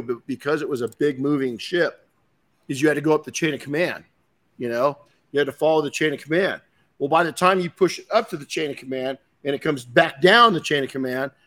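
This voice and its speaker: A man's voice: a little high, a bit bright. Blunt, plain-spoken man hosting a podcast. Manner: blunt, swears, many restarts. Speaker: podcast host. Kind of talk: casual motivational talk.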